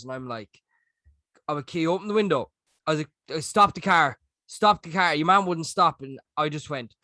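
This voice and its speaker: A young Irish man co-hosting a podcast, telling a rowdy story in a casual, animated way with plenty of swearing. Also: fairly high pitch, no room sound. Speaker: podcast co-host. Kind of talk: casual chat.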